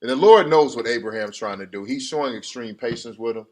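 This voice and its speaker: A man's voice: mid-range voice, fast talker, a little mellow. A man teaching a Bible class in sermon style, retelling scripture animatedly, acting out the characters, and telling the reader to keep going.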